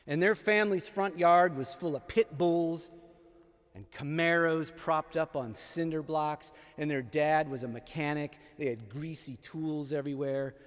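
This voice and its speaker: A man telling a personal story live on stage, with dramatic pauses and repeated lines for emphasis. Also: a little high. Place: historic theatre stage. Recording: long theatre hall reverb.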